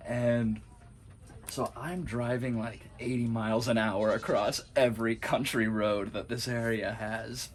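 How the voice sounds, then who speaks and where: Man, mid-pitched voice, animated casual storytelling, laughs a lot. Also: a little slow, a little hiss or hum. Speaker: support driver for a cross-country bike ride.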